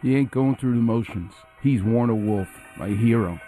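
A man's voice: medium pitch, normal speed, warm tone, soft background music. A man hosting a radio show, a surgeon explaining storytelling craft with enthusiastic, emphatic commentary.

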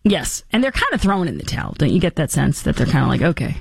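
A woman hosting a political commentary show, talking in a sarcastic, animated and mocking way. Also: sits low, quick pace, creaky, husky, no room sound, clean studio sound.

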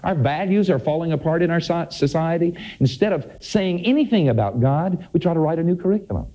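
Lively preaching man, lo-fi sermon tape. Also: on the high side, brisk, hardly any pauses. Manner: emphatic, rising to exclamations. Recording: dull lo-fi sermon recording.

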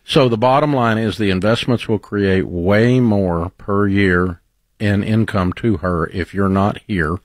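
A man's voice: lowish voice, measured pace, dry recording, studio quality. A man hosting a call-in advice radio show, questioning callers bluntly with teasing humor. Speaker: radio talk show host.

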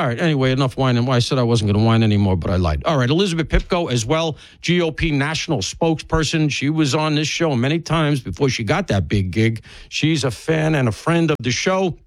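Speaking into a studio broadcast microphone with no echo, a medium-pitched man sits in as a talk radio host. His monologue is conversational and rambling, laced with wry self-mockery, and allergies make him sound congested.

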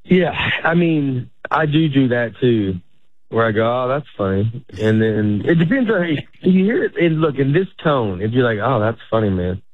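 A middle-aged stand-up comedian chats casually in an interview, rambling, restarting sentences, and laughing a lot. His medium-pitched voice is sing-song and moves at a moderate pace. The audio has a tinny, phone-like quality and no room sound.

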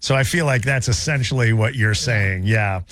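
A man's voice: on the low side, moderate pace, fairly bright tone, dry recording, clean studio sound. A man hosting a radio show, joking and wryly reading quotes aloud. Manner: wry, laughs often, mock-quotes lines. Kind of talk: joking morning radio banter. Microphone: studio microphone.

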